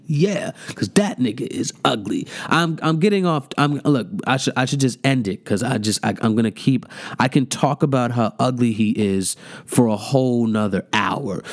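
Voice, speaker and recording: A man hosting a podcast, ranting in a heated, profane, mocking way with lots of repetition. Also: medium pitch. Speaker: podcast host. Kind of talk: casual rant.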